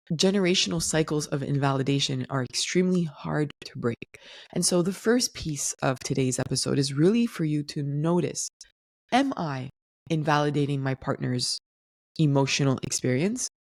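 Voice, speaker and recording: A woman hosting a solo podcast, explaining things in a calm, teaching tone. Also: low voice, moderate pace, no room sound, clean studio sound. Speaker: podcast host.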